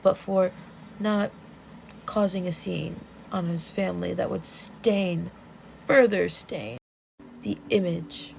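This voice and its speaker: Young woman vlogger, lively profane storyteller, gravelly fry. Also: fairly low pitch, takes it slowly, pauses often, slight background noise, poor audio. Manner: animated, profane, laughing storyteller. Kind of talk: casual story recap.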